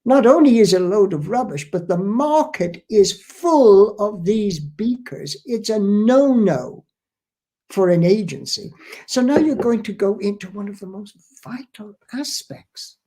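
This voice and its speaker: A man's voice: high voice, lively intonation, unhurried, mellow. An older man giving down-to-earth business advice in a chatty instructional talk, often repeating his words. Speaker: import-export trade advisor.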